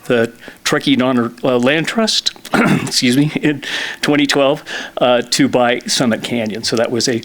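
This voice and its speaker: A man in his fifties, a lobbyist giving a presentation to a town council, a little out of breath, often clearing his throat and pausing with fillers. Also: medium pitch, fairly bright tone. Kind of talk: formal presentation. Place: council chamber.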